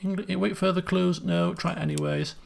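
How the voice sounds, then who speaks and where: A man's voice: high-pitched, steady tone, a little fast, vocal fry. A man, thinking aloud as he streams a puzzle game, muttering guesses and restarting sentences. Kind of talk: casual gameplay commentary.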